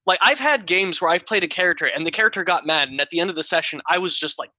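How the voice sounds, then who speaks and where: A man's voice: high-pitched, fast, bright, forceful tone, dry recording. A man on a podcast panel, chatting casually and tripping over his words. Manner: casual, stumbles and repeats words. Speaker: podcast panelist and tabletop player.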